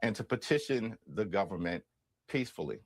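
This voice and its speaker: A male politician makes a calm statement in a fairly low voice. He speaks deliberately and pauses on small fillers. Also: slightly rough. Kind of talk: public statement to the press.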